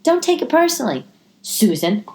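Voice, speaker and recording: Woman podcast host, casual solo monologue, expressive and profane, with big jumps up into high exclamations. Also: moderate pace. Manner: animated and profane, pitch swinging up into high exclamations. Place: living room.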